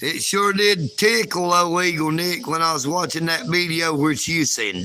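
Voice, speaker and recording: A man's voice: fairly high pitch, moderate pace, few pauses, pushed and bright, slight background noise. A man, chatting casually and folksily on a livestream outdoors at night. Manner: folksy, calls himself a hillbilly. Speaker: livestream host.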